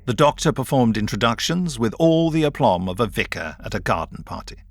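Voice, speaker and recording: A man reading an audiobook in scripted narration, measured and even. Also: mid-range voice.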